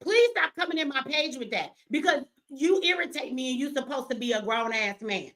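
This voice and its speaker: A woman running a live stream, confrontational and profane, swinging between yelling at viewers and slow, emphatic explaining. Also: high-pitched, lively intonation. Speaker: livestreamer answering her chat; business owner.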